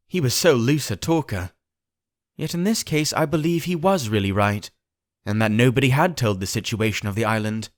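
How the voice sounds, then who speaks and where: A man narrating an audiobook in an even, composed storytelling voice on a close studio mic. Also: fairly low pitch, no echo. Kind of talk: scripted narration.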